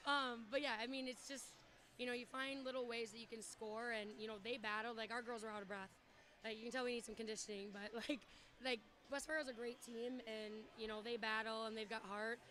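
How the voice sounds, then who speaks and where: Woman, volleyball coach, out of breath, casual, filler-heavy, somewhat high voice. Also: fairly even intonation, a little fast, a bit bright. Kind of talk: post-game interview.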